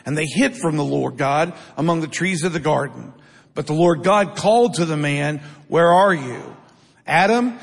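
Husky high-voiced pastor in a reverberant hall. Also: male voice. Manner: storytelling, addresses the congregation with rhetorical questions. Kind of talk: sermon. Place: church sanctuary.

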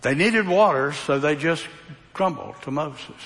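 Slow, folksy male preacher in a reverberant hall. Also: a little high, lively intonation, fairly bright tone. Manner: folksy, asks the congregation rhetorical questions. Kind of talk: sermon, verse-by-verse Bible teaching.

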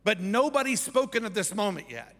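A man's voice: high-pitched, very animated, a little fast, a bit bright. A male pastor preaching a conversational sermon who keeps checking in with the congregation by asking "right?". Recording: church hall with long reverb.

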